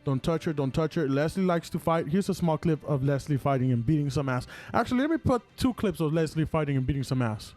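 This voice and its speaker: Animated young man telling a story. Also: a little high, quick pace, hardly any pauses, soft background music. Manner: animated retelling, heavy use of "like". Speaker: podcast co-host. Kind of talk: casual chat.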